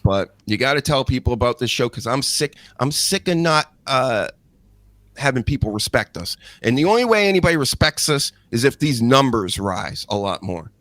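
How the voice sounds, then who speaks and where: A man hosting a casual wrestling podcast, ranting sarcastically and jumping high in pitch when he mocks others. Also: sing-song, normal speed, a bit bright, no echo. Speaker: podcast host.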